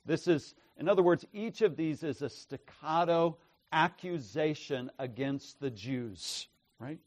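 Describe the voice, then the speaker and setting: Slow, emphatic male preacher. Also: a little high. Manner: deliberate, emphatic scripture reading with strong swells in loudness. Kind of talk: expository sermon.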